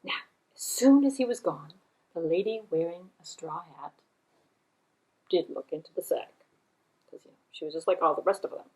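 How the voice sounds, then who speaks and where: A woman librarian telling a folk tale at a children's puppet show, expressive and drawn out. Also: lowish voice, low-quality recording. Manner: expressive, drawn-out, repetitive storytelling.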